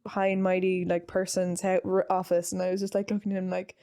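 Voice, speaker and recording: A woman's voice: fairly low pitch, monotone, fairly quick, mellow, clear, resonant tone. Young woman, podcast guest, casual chat, rambling, lots of fillers. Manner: rambling, filler-heavy storytelling.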